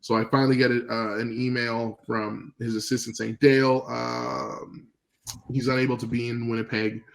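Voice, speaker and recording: A man from Canada, a podcast guest, telling stories in a relaxed, rambling way with fillers, acting out old phone calls. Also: mid-range voice, normal speed, vocal fry, rough recording. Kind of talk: casual storytelling interview.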